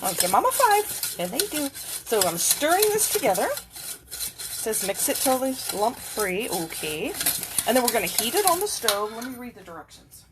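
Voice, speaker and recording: A fairly high-pitched woman with big swings in her intonation speaks at normal speed while cooking at home for her casual vlog. She hosts the channel, laughs often and coos at her cats. The recording is very noisy, full of clattering dishes, cutlery and stirring.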